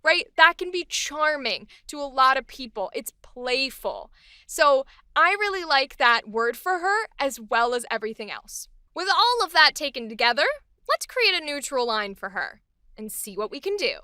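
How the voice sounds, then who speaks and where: A woman's voice: high-pitched, sing-song, pushed and bright, no room sound, studio quality. A woman voice actor talking through a character in a casual, enthusiastic, playful way. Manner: enthusiastic, playful, acts out quick snippets.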